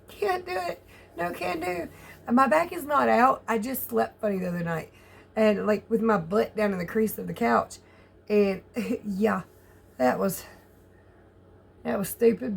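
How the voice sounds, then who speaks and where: A woman's voice: mid-range voice, vocal fry, breathy edge. A woman with a Southern US accent in a chatty, candid vlog, laughing often and swearing casually as she rambles. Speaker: vlogger.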